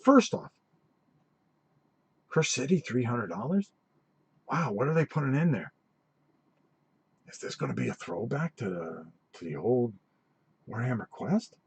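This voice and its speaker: A middle-aged man hosting a tabletop gaming channel, telling stories in a rambling, animated way with many restarts during a live-stream chat. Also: medium pitch, unhurried, gravelly, long pauses, breathy edge.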